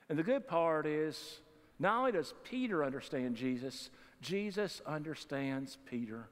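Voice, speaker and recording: A man's voice: on the high side, lively intonation, unhurried. A man preaching a sermon as pastor, in a folksy, conversational way with humorous asides. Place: church sanctuary. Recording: long reverb of a church hall.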